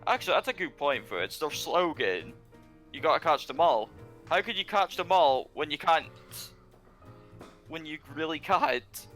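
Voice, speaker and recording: Bright-voiced man riffing in casual chat. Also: a little high, very animated, moderate pace, faint music behind. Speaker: podcast co-host.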